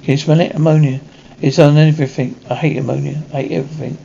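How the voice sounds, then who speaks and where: Jittery war pilot in a psych ward, rambling and fixated, gravelly voice, dull lo-fi TV sound. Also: male voice, on the high side, little pitch movement, quick pace, mellow, a little hiss or hum. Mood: agitated.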